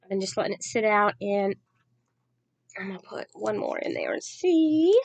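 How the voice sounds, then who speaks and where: A woman talking in a rambling, chatty and soft-spoken way as a crafting vlogger. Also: mid-range voice, animated, moderate pace, dry recording. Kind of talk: casual chat.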